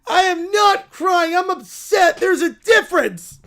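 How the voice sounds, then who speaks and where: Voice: very high voice, measured pace, darkish tone. A streamer voicing a whiny toy bear, a football fan who sobs and wails over a loss, in a comedy skit on a live stream. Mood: tearful. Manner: sobbing, wailing complaints.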